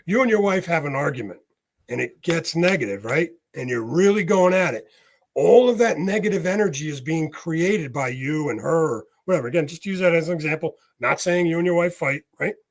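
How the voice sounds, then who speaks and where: A man's voice: a little high, lively intonation, fairly quick. A man, a medium, talking casually in an interview, explaining ideas with homely examples and often checking in with "right?". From United States. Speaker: guest, medium.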